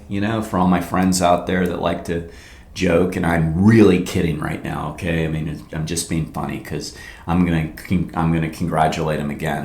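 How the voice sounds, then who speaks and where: Lower-pitched man, fitness coach host, animated and blunt, roomy echoey sound. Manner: animated, rambling, blunt, with many fillers. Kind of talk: casual solo podcast talk. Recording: roomy echo.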